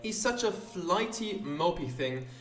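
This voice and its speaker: A man's voice: high voice, lively intonation, a little slow, a bit bright, echoey room, recorded from a distance, faint music behind, voice pushed up. A man voicing a refined, one-eyed woman portrait painter who speaks in a genteel, formal way. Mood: flirtatious.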